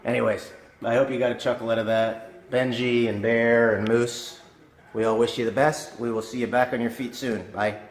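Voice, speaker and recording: A middle-aged man in a relaxed, chatty video message, telling an old joke as a storyteller. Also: medium pitch, moderate pace. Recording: echoey room with faint noise.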